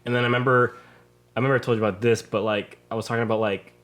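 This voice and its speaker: A young man talks in a medium-pitched voice as a podcast guest. He tells his story loosely and casually, and his sentences wander, broken up by constant "like" fillers. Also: fairly even intonation, racing, a bit bright, soft background music. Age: young adult. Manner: rambling, heavy on "like" fillers.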